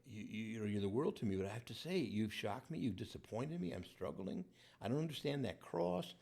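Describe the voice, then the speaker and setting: A man voicing a remorseful grown man who confesses in a hushed, halting, half-whispered voice. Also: on the low side, lively intonation, vocal fry. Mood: struggling.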